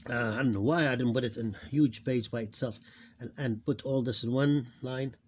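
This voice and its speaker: A man teaching a phonics lesson, slowly repeating each syllable and stressing it loudly. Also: mid-range voice, a little hiss or hum. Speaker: Arabic teacher.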